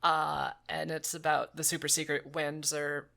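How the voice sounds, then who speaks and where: Low-voiced woman ranting casually. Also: level tone, measured pace, gravelly, pushed and bright. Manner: profane, exasperated recapping. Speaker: podcast co-host. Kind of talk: casual chat.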